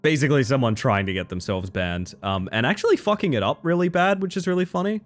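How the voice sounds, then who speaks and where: Man, live streamer, casual chat with viewers, jumpy expressive voice, high giggly bursts. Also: fast. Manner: animated, swings into high squeals and laughs; chatty, thanks viewers warmly.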